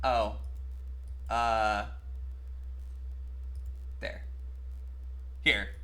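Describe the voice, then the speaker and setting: A man's voice: lowish voice, fairly even intonation, extremely slow, sharp tone. A man chatting casually on a game livestream, rambling, swearing and mocking himself, still half asleep. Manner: rambling, profane, self-mocking. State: sleepy.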